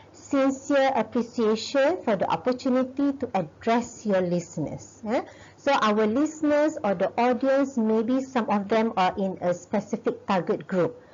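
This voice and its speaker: A woman's voice: on the high side, a little mellow. A woman lecturer with a Malaysian English accent, explaining step by step in a recorded video lesson and often checking in with "okay?". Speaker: university lecturer. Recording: dull lo-fi recording.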